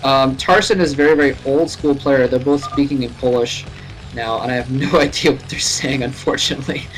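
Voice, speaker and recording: A man casually commentating a live match from his home computer, chatty and laughing often, his voice rising sharply at exciting moments. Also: medium pitch, fairly quick, a little hiss or hum, poor audio. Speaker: esports caster. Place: home room.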